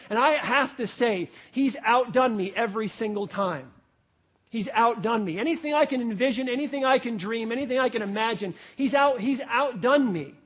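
A man preaching a sermon in a lively, conversational way, acting out little voices and asking rhetorical questions. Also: extremely high pitch, husky. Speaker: pastor.

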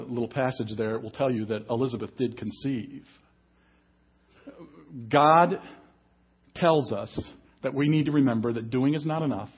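A man's voice: mid-range voice, slightly rough, highs cut off. A man preaching an emphatic sermon as pastor at a church service. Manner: emphatic preaching, reads scripture aloud.

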